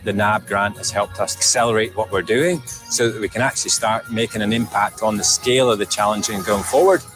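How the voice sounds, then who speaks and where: A man's voice: lowish voice, steady tone, brisk, over music, rough recording. A man speaking earnestly and steadily about his foundation in a promotional interview. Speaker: foundation representative.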